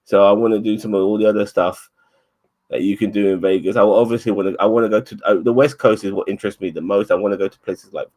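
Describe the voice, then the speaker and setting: A man's voice: lowish voice, fairly even intonation, quick pace, darkish tone. A man chatting casually as podcast co-host, rambling, swearing a lot and stumbling over repeated words. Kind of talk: casual chat.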